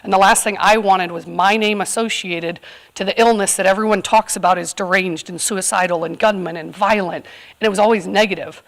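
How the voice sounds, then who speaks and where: A woman's voice: mid-range voice, steady tone, brisk, creaky. A woman from California, in her thirties, speaking candidly and earnestly to a live audience, with frequent fillers. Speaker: community event speaker. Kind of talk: personal talk to a live audience.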